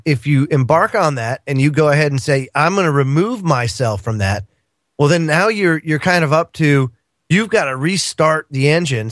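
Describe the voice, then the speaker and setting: A man talks as a guest on a casual political radio show in a fairly high voice. He rambles and restarts his sentences, with plenty of fillers and chuckles. His voice sounds close and dry. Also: no room sound.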